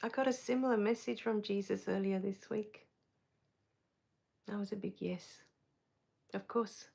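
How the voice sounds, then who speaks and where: A woman hosting a spiritual live Q&A, reading viewer comments, soft-spoken and tender, quick to laugh and tear up. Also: mid-range voice, fairly even intonation, creaky. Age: adult with a child. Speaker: spiritual live-stream host.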